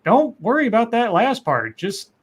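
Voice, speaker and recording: A man's voice: on the high side, lively intonation, normal speed, a bit bright. A man co-hosting a live stream, reading viewer messages aloud and chatting in a rambling way with many restarts. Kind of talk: casual live-stream chat.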